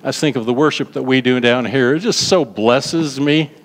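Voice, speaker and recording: Animated male pastor, mid-range voice, preaching with calls to the congregation; long hall reverb. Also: mid-range voice, moderate pace, slight background noise. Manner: animated, repeats words, prompts the congregation. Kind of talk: sermon. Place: large hall.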